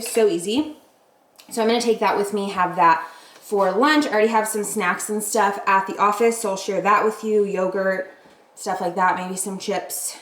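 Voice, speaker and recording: A young woman chatting casually in a rambling way, with lots of fillers, as she vlogs from her home kitchen. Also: medium pitch. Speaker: vlogger. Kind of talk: casual chat. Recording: echoey room, faint noise.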